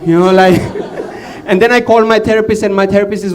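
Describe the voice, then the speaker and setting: A man's voice: a little fast, few pauses, darkish tone, slight background noise. A man from India doing a chatty stand-up set, teasing the crowd. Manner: chatty, teasing the crowd, drops low to mimic his father. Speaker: stand-up comedian.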